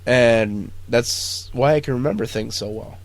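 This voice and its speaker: A man's voice: medium pitch, measured pace, vocal fry, no echo. A man co-hosting a podcast, chatting casually in a rambling, profane way with many fillers. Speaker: podcast co-host. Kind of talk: casual chat.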